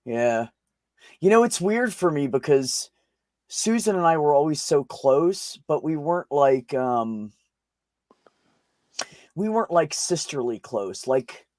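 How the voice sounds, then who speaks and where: A man's voice: medium pitch, a little mellow, dry recording, studio quality. A man in casual conversation, telling a long personal story with frequent swearing and restarts. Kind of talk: casual chat.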